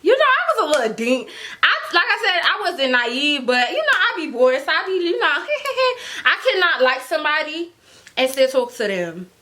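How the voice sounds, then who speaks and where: A young woman telling a storytime vlog in casual slang, animated, laughing often and acting out quotes. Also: high voice, moderate pace. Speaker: storytime vlogger.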